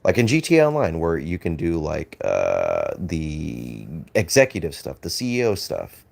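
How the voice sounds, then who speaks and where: An Australian man chats casually on a live stream, reading and answering viewers' messages in a rambling, hesitant way with lots of fillers and restarts, swearing and laughing easily. His voice is rumbling low and gravelly, a little mellow, unhurried, with wildly swooping pitch.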